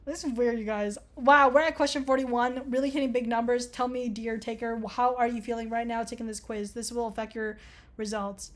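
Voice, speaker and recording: She's a young vlogger working through an online quiz out loud, sarcastic, laughing often and cursing freely as she goes. The pitch is fairly high, the tone steady and the pace brisk.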